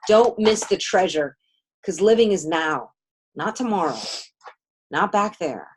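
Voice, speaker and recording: A woman co-hosting a casual spiritual chat show, rambling and animated, with swearing and offhand asides. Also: lowish voice, unhurried, a little hiss or hum. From San Francisco area. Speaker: co-host, card reader.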